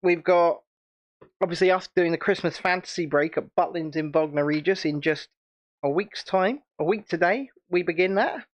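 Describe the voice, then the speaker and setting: A man's voice: high-pitched, normal speed, lo-fi sound. A British man hosting a casual livestream chat, chatty and rambling, and laughing often. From United Kingdom. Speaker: channel host.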